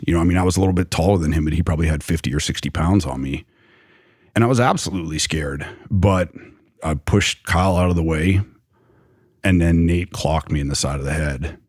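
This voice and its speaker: In a clean studio recording with no echo, a young man whose voice sits low and has a breathy edge recounts something from his past. He rambles conversationally and fills his speech with fillers.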